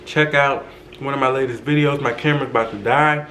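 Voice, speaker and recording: A man's voice: mid-range voice, fairly even intonation, brisk, sharp tone, a little hiss or hum, rough recording. Chatty young man telling a story. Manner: chatty, laughing asides to viewers. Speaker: vlogger. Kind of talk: casual storytime chat.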